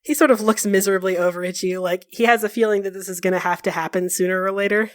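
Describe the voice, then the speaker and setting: A woman runs a tabletop game as game master, narrating in a casual way with fillers. Her voice sits at a middle pitch, and the sound is dry and close. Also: fairly even intonation, fast talker, no room sound.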